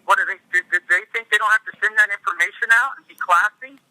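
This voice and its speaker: A man's voice: sits high, fairly even intonation, fast, sharp tone, no echo, low-quality recording. A man, a mayor in an angry, profane rant, repeating himself. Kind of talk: angry rant in a private meeting.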